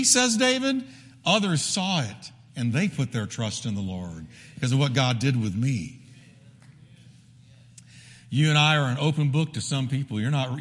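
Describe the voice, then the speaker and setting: A man preaching a sermon as pastor, emphatic and repetitive, with sudden drops to a hushed voice. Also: medium pitch. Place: church sanctuary. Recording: long reverb of a large hall.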